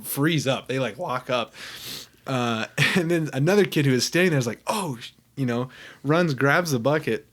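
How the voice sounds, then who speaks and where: A man's voice: fairly high pitch, fairly bright tone. A young adult man, a podcast guest, telling a story in casual chat and laughing often as he talks.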